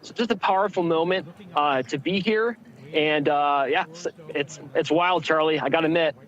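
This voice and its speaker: A male field correspondent giving a halting live report from outdoors among a packed crowd. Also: a little high, a bit bright, dull audio. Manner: halting, many fillers.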